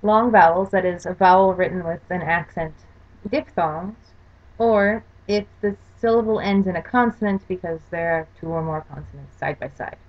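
This language course lecturer has a fairly low voice and speaks at normal speed. She presents a lesson over a slide show, carefully explaining rules and spelling out examples. The audio is dull and lo-fi.

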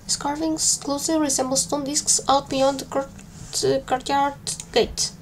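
A woman's voice: high voice, level tone, moderate pace, a little hiss or hum. A woman streaming a game with casual, joking commentary and flustered muttering. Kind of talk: casual let's-play commentary.

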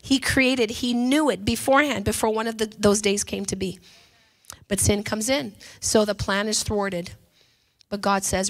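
A woman pastor preaching a sermon from a church pulpit, impassioned and swinging between hushed and loud passages. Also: mid-range voice, fairly even intonation, moderate pace.

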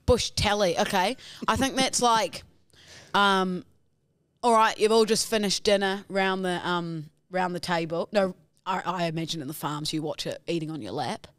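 A woman's voice: on the low side, moderate pace, fairly bright tone, dry recording. A woman co-hosting a podcast, playfully acting out silly scenes in casual chat. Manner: playful, puts on silly voices for people in her stories. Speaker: podcast co-host.

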